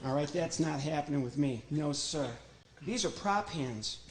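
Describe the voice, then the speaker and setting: A man's voice: a little high, expressive, normal speed, crowd noise. A ventriloquist comedian from Illinois, a man doing a chatty, joking live act on a church stage and talking to his puppet.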